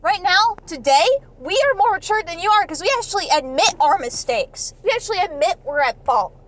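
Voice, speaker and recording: A woman's voice: very high-pitched, lively intonation, a little fast, a bit bright, a little hiss or hum, low-quality recording. A young woman in an impassioned, indignant rant, talking straight to the camera with emphatic repetition. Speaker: vlogger. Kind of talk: impassioned ranting monologue.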